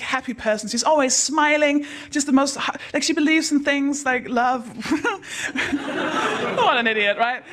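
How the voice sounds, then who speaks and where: A woman hosting a live comedy night on stage, telling self-deprecating stories in a deadpan way. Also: fairly high pitch. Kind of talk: stand-up comedy.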